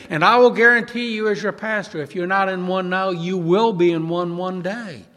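A male pastor preaching an impassioned sermon, swinging from loud pleading to hushed, soft passages. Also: high voice, steady tone, normal speed, few pauses, in a large hall.

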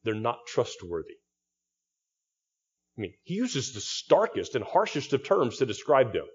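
A man's voice: medium pitch, big pitch swings, a little slow, slightly rough, dull audio. A male pastor giving an expository sermon, teaching through a text with frequent restarts and repeated words.

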